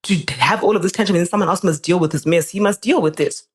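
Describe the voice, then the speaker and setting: A young woman, a podcast guest telling a personal story in a casual, animated way, her voice jumping up whenever she quotes someone. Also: fast. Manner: animated, jumps up in pitch when quoting people.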